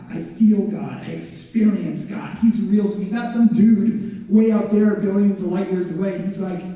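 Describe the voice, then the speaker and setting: A young man tells his religious testimony in a loose, chatty way. His voice sits high but sounds deeply mellow and dark. He is heard from far off in a big hall with a long, roomy reverb. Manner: casual and chatty, full of "like" and "legit". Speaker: guest speaker.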